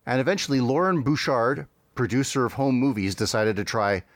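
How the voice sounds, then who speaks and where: A man's voice: mid-range voice, animated, a little fast, no echo. A man hosting a podcast, recapping a cartoon episode in a dry, wry way with frequent hesitations. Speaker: podcast host.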